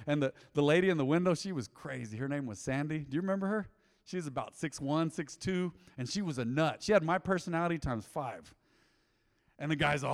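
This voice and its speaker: A middle-aged male pastor preaching a sermon in an animated, conversational way, talking straight to the congregation. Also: on the high side, quick pace, big-room sound. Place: large church auditorium.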